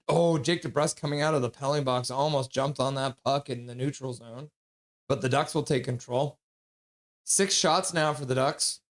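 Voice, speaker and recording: A man streaming live hockey play-by-play, excitable and blunt, chatting casually with his viewers between plays. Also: on the high side. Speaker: streamer doing fan play-by-play.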